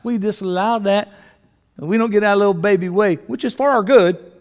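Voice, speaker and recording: An older man preaching a sermon in a folksy, storytelling manner, swinging between shouts and low asides. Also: normal speed, smooth, big-room sound.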